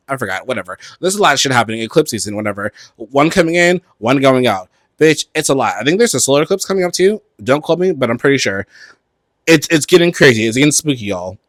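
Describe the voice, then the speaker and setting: A man's voice: medium pitch, dry recording. A man, co-hosting a podcast in a casual, profane, campy rant. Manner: animated, profane, campy, switches into mocking voices. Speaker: podcast co-host.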